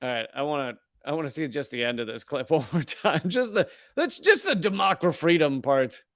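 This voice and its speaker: A man's voice: on the high side, big pitch swings, fairly quick, fairly bright tone, no room sound, clean studio sound. A male comedian hosting his show, ranting with profanity and sarcastic mockery. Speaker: comedian host. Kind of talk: ranting political commentary.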